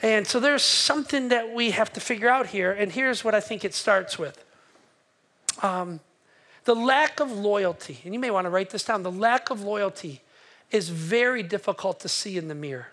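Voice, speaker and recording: A middle-aged man, a pastor, preaching a sermon and telling a story, acting out the voices he quotes with lively exclamations. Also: high voice, normal speed.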